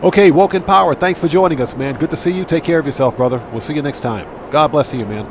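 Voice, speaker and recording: A man's voice: on the high side, fast, noisy background. A man hosting a casual gaming live stream, chatting with viewers, thanking them by name and reading out their messages. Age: adult with a wife and child.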